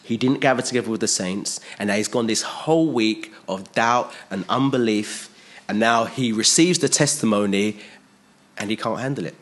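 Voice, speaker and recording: A man's voice: on the low side, moderate pace. Emphatic male preacher, repeating himself. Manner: emphatic, repeats phrases, asks the listeners rhetorical questions. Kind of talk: sermon.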